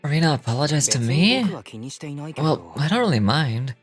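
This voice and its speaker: An actor voicing a laid-back young male shopkeeper in a game, relaxed and matter-of-fact. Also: on the high side, moderate pace. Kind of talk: game voice acting. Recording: game music behind the voice.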